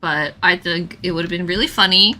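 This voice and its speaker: A woman's voice: on the low side, fairly quick, faint music behind. A young woman chatting casually on a drawing livestream, telling stories with lots of giggles. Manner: giggly, animated storytelling with frequent laughs. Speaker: artist streaming a live drawing session.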